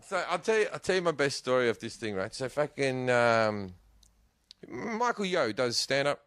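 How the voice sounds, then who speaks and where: Aussie guy rambling thru stories on a podcast, lively up and down voice, swears a lot, dry sound. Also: mid-range voice, moderate pace, clean tone, dry recording. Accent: Australian. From Australia. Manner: rambling storyteller, swears, laughs often. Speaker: guest comedian. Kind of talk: casual podcast chat.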